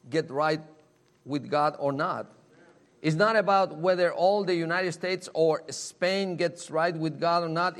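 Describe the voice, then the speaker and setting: Earnest man preaching a sermon. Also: a little high. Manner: earnest, emphatic, repeats key words for stress; reads scripture in old-fashioned wording.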